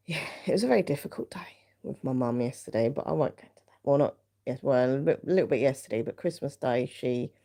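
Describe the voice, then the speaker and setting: A woman's voice: very deep voice, warm tone. A woman hosting a live stream, telling stories in a rambling, chatty way with plenty of fillers. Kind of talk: casual chat.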